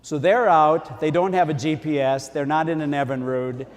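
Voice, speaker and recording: A man's voice: a little high, steady tone, moderate pace. A man preaching a sermon as a priest, in a folksy, conversational way. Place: church. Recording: long church reverb.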